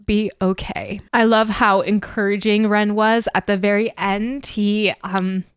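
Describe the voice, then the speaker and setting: A woman giving heartfelt reaction commentary on a song, tearful and emotional, halting with small laughs and sighs. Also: medium pitch, little pitch movement, clear, resonant tone, no room sound, studio quality. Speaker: music reaction YouTuber.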